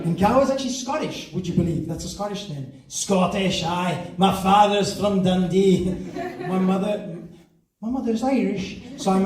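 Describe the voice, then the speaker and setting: Comedian, echoey and distant. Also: male voice, on the high side, a little mellow. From South Africa. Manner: chatty, self-mocking, laughs between lines. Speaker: stand-up comedian. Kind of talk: stand-up comedy set. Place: theatre stage before a live audience. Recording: echoey hall from far off.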